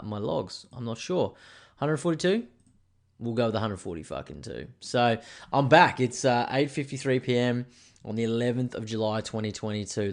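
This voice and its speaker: A rambling man hosting his own podcast alone. He chats casually, drifts from thought to thought and swears freely. He jokes at his own expense. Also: medium pitch. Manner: rambling, swears often, self-mocking. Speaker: podcast host. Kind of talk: casual solo podcast chat.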